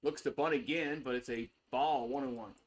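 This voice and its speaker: A man's voice: mid-range voice, steady tone, moderate pace. A man giving casual play-by-play on a live stream, loose and chatty, swearing freely. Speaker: live stream sports host.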